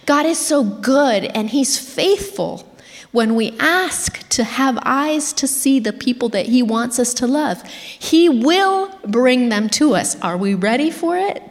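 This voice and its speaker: A woman's voice: high-pitched, lively intonation, measured pace. A woman preaching a sermon in an earnest, emphatic way, asking rhetorical questions. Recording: reverberant hall.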